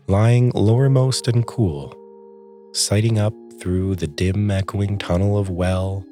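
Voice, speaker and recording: A man's voice: sits low, darkish tone. A man narrating a spooky story aloud, lending different voices to the characters in the dialogue.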